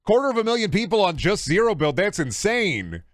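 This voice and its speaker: A young man streaming a video game, chatting casually with a rambling, jokey, profane manner and sudden excited outbursts. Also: high voice, fairly quick, no room sound, studio quality. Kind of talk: casual gaming stream chat.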